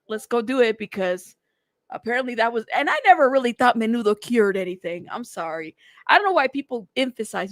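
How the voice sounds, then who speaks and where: A woman's voice: on the high side, fairly bright tone, no echo. A woman hosting a casual live stream, talking in a sassy, teasing way and laughing often. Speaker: live-stream news host.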